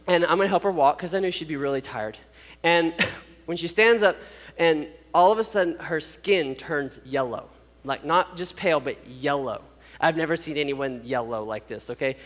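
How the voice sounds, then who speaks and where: A man's voice: on the high side, a bit bright, long reverb tail. A man telling a personal story to an audience, acting out sounds and quoted voices, with many fillers.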